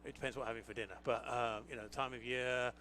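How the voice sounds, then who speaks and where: A man talks through a wine on live radio, chatty and explanatory, pausing on fillers. His tone is bright, and faint background noise runs under him. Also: medium pitch, fairly even intonation. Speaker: winemaker guest.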